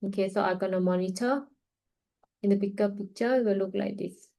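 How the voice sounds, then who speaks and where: Talking through live charts in a trading webinar, a tired, yawning woman offers casual, off-the-cuff market analysis in loose English full of fillers. Her middle-pitched voice is creaky and dark, with a steady tone and a brisk pace, captured in a low-quality recording.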